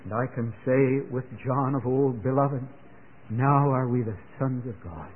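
A man's voice: mid-range voice, unhurried, breathy edge. An older man preaching a sermon in an earnest way that builds to fervent exclamations. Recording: tinny phone-like radio broadcast.

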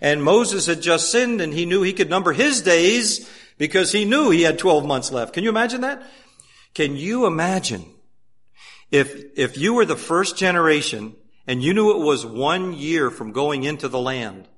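A man preaching a sermon emphatically, asking many rhetorical questions and swinging from loud urging to hushed asides. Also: a little high, expressive, moderate pace.

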